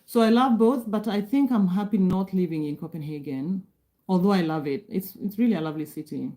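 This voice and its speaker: A woman's voice: mid-range voice, brisk, warm tone, low-quality recording. A middle-aged woman from Kenya chatting casually on a live stream, reading and answering viewer comments, laughing often and restarting sentences.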